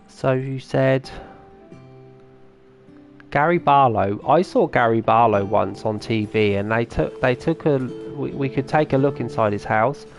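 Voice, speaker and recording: A man's voice: mid-range voice, vocal fry. A man streaming a farming game, chatting casually and answering his viewers' comments as he plays. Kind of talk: casual live-stream chat.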